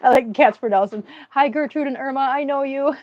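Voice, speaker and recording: A woman's voice: high voice, moderate pace, no room sound, muffled recording. Chatty Minnesotan woman livestreaming. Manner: chatty, storytelling, greets viewers warmly. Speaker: livestream host. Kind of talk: casual livestream chat.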